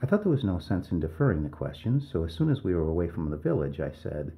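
Gravelly low-voiced man reading a story. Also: big pitch swings, dark tone. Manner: measured, wry first-person telling. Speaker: story narrator. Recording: tinny phone-like audio.

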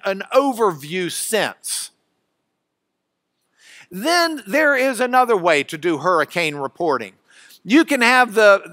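A man's voice: high voice, bright, forceful tone, dry recording, clean studio sound. A man teaching a Bible class, folksy and chatty, with asides and restarts. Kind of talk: classroom lecture.

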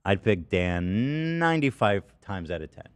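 A man's voice: on the low side, big pitch swings, unhurried, clean tone, no room sound. Sarcastic man hosting a podcast. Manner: sarcastic, reads comments aloud. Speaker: podcast host. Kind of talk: casual podcast banter.

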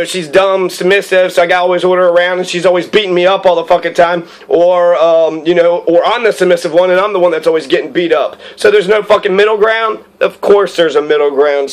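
A man with a fairly high speaking voice rants in a loose, rambling solo monologue. He swears constantly and stumbles through fillers as he talks. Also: fairly bright tone, rough recording. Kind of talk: casual profane monologue.

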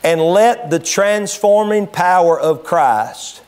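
An animated, high-voiced pastor gives a fervent sermon in church, speaking slowly and smoothly. His passion builds loud and high before easing into low, quiet passages.

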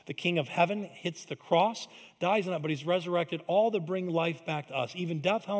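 Fairly high-voiced pastor preaching in a reverberant hall. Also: male voice. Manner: conversational preaching, swings from loud emphatic to hushed. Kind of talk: sermon. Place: large church sanctuary.

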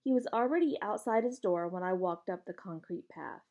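Gravelly woman reading a novel aloud. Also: medium pitch, normal speed, muffled recording. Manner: steady first-person narration. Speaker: reader.

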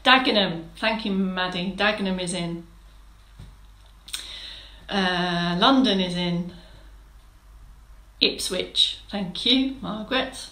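A woman's voice: mid-range voice, takes it slowly, pauses often, sharp tone, roomy sound, rough recording. A woman fitness instructor leading a live-streamed exercise class, chatting, greeting viewers by name and giving encouraging instructions. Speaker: fitness instructor for older adults.

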